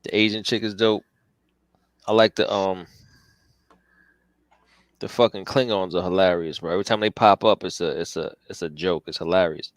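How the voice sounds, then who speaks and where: A man hosting a casual chat while drawing comics, talking in a profane, slangy, animated way. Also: deep voice, moderate pace, pauses often, dry recording. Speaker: comic artist and host.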